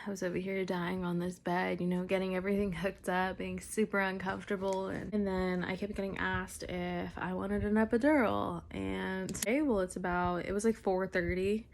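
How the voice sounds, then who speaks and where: A young woman, a new mother, casually telling her birth story to camera, animated and full of "like", acting out what others said. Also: medium pitch, normal speed, creaky, slight background noise. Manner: animated, fillers like "like", acts out quotes.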